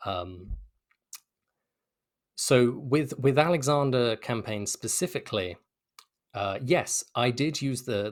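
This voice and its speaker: British dev guy talking passionately in an interview, low-ish voice, lots of little restarts. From Britain. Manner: enthusiastic, articulate, with frequent restarts. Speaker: game developer and writer. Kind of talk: interview answer.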